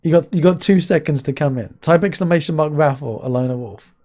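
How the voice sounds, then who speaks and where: An excitable man chats loosely on a live stream, laughing a lot and jumping up into high yelps. His voice is mellow and soft-edged, talking into a desk mic. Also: a little fast. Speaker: streamer host. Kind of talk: casual live-stream chat.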